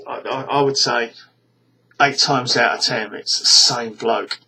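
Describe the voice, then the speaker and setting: A man's voice: medium pitch, steady tone, measured pace, bright, forceful tone, a little hiss or hum, low-quality recording. A British man ranting to his viewers in a casual monologue, rambling and scornful, stumbling over frequent restarts. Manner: scornful, exasperated. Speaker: vlogger.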